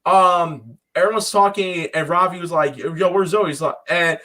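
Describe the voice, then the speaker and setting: A man's voice: high-pitched, bright, forceful tone. Upbeat man recapping an episode. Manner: rambling, quick recaps with voiced-out quotes. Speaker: podcast co-host.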